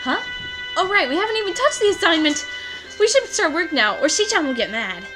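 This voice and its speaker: A woman's voice: big pitch swings, brisk, over music. A woman voicing a cheerful, giggly schoolgirl classmate in a visual novel let's play. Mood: eager. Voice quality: high, giggly.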